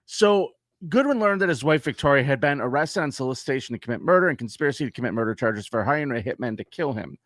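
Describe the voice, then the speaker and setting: A man's voice: mid-range voice, animated, fast, fairly bright tone, no room sound, studio quality. A man co-hosting a comedy podcast, reading a crime story aloud and joking about it with casual swearing. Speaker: podcast co-host.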